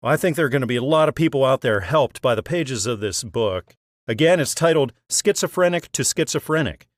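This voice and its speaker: A man's voice: mid-range voice, animated, a little fast, no room sound. A man hosting an author interview, encouraging and friendly, laughing along with his guest. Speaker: podcast host.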